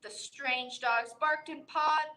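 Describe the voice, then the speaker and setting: A woman reads a children's bedtime story in a high, bright voice, unhurried and expressive. She drops in playful animal noises as she goes. Her voice rings in a roomy library space. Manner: expressive, voicing animal sounds. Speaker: children's librarian reading aloud. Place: library room.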